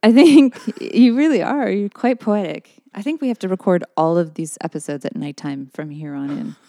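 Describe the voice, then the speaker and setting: A woman co-hosting a podcast in casual chat, upbeat and quick to laugh. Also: fairly low pitch, dark tone, dry recording, studio quality. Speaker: podcast co-host.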